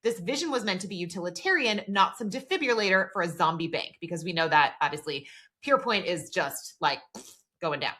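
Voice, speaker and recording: In a mid-range voice with a bright, forceful tone, a woman co-hosts a laid-back podcast. She retells scenes and voices dialogue, leaning heavily on the filler "like."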